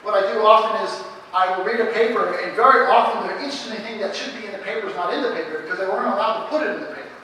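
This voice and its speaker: A man's voice: high voice, rapid-fire, sharp tone. A middle-aged man answering audience questions in a live Q&A, talking animatedly and restarting his sentences often. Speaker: guest speaker in a Q&A. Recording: echoey hall from a distant mic, faint background noise.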